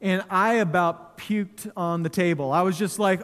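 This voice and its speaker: A man in his thirties preaching a sermon in a church, telling stories in a relaxed, conversational way with touches of humor. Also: high-pitched, moderate pace. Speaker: pastor. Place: church sanctuary. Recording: long hall reverb.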